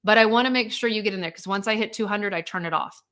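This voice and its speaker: A woman's voice: mid-range voice, fast, a bit bright. A woman coach hosting a live show, talking candidly and bluntly to viewers and acting out quoted voices.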